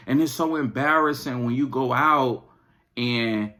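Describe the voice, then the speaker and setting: A man's voice: medium pitch, measured pace, bright, forceful tone. A man hosting a podcast, venting in a casual, exasperated, slangy rant. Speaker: podcast host.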